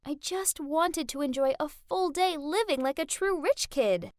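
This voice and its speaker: Woman narrating an animated story, high voice, really expressive, dry close mic. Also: measured pace, no echo.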